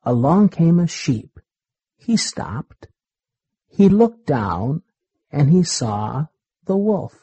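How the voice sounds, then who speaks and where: A man reading a children's story aloud in a deliberate, simple way. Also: fairly high pitch, sing-song, warm tone, slightly rough, dry recording, lo-fi sound. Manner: slow, deliberate, repetitive phrasing.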